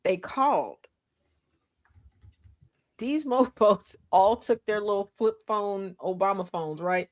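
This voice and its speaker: A woman's voice: mid-range voice, slow pace, long pauses. A woman hosting a casual talk show, telling a funny story with wry asides and acted-out quotes. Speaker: podcast host.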